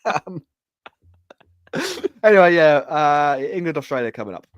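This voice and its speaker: A man's voice: a little high, lively intonation, unhurried, muffled recording. A man hosting a podcast in casual chat, joking and laid-back, with plenty of fillers. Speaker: podcast host.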